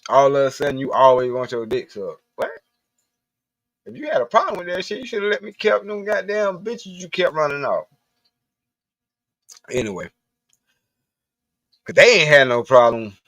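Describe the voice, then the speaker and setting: Blunt rambling man, raised in the Southern US, profane livestream rant; slightly high voice, dry close sound. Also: expressive, normal speed, pauses often, fairly bright tone, dry recording. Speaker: livestream host. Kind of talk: casual ranting monologue.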